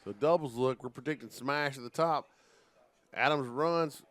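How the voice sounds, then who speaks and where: A man calling live football play-by-play in an energetic, folksy, jokey way. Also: mid-range voice, normal speed. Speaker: play-by-play commentator.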